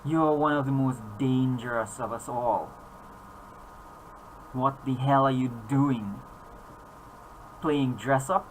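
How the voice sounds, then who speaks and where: Creepy taunting tree thing for a tabletop game, sarcastic bad-guy tone, mid pitch, faint hiss behind, a man doing the voice. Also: slow pace, pauses often, close to an everyday voice, rough recording. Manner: sarcastic, mocking.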